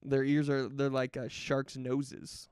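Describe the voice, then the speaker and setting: A man's voice: mid-range voice, completely flat delivery, slow pace, darkish tone, clean tone, no room sound, studio quality. A man co-hosting a comedy podcast, telling rambling stories full of profanity in casual banter. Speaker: podcast co-host.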